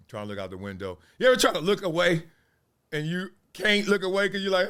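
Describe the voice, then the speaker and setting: A man's voice: medium pitch, fairly quick. A man from Los Angeles hosting a show, telling a story in casual street slang and acting out the scenes with laughs. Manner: animated, acts out scenes with laughs. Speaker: host.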